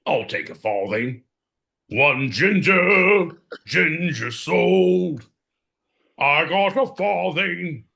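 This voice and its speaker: A man putting on a loud Cockney street auctioneer, selling off a boy with slow, drawn-out shouts. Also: a little high, expressive, creaky, pitched above the performer's own voice, heavily acted. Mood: hawking. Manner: shouting, drawn-out sales patter.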